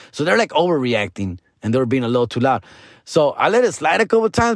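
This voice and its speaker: A comedy podcast host with a slightly high, expressive voice talks quickly through a rambling story packed with street slang, restarting again and again. He keeps calling the listener "dog" and "fool." The recording is dry and studio quality.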